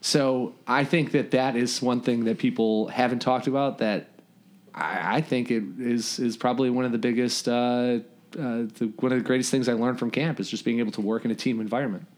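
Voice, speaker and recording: A man's voice: medium pitch, brisk. A man in his forties, a podcast guest, telling old camp stories in a casual chat, laughing often and filling gaps with ums. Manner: animated storyteller, laughs through anecdotes, many fillers. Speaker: podcast guest, former camper and counselor.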